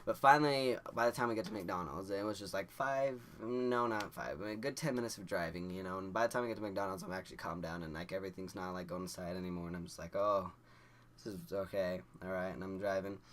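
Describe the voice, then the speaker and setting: A man's voice: deep voice, quick pace, few pauses, fairly bright tone, a little hiss or hum. A young man vlogging, telling a rambling story with lots of fillers, acting out the quotes and laughing. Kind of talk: casual storytelling.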